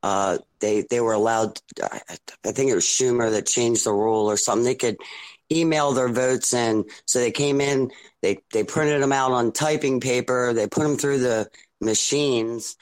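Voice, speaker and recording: A male caller with a mid-range voice. He speaks haltingly, full of fillers and restarts. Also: mid-range voice, steady tone, low-quality recording. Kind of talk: call-in chat.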